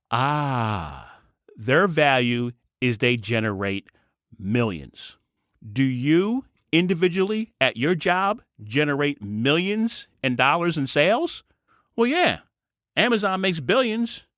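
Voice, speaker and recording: A man hosting his own podcast, delivering an opinionated solo monologue in a sarcastic, ranting way that jumps to a higher voice when he gets worked up. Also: dry recording, clean studio sound. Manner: animated, sarcastic ranting with sudden jumps in pitch. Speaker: podcast host.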